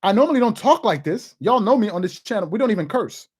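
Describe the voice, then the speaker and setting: Thirty-something sports host, forceful and repetitive, ranting opinion piece to camera. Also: mid-range voice, lively intonation, quick pace, slightly rough. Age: 30s. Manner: emphatic and repetitive, hammering points home.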